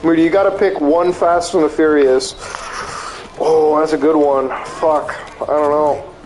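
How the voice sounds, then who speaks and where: Streaming a game, a man chats casually and launches into animated, profanity-heavy rants. His voice runs on the high side at a measured pace, with slight background noise.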